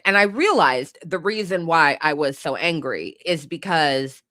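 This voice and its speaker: A woman's voice: deep voice, very animated, measured pace, sharp tone, dry recording, clean studio sound. A woman hosting a podcast, ranting about politics in a heated, profane way and sometimes laughing at herself. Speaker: podcast host.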